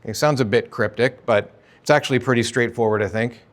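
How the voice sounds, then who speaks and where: A man's voice: mid-range voice, fast talker. A male pastor preaching an expository sermon in a conversational way, often asking rhetorical questions.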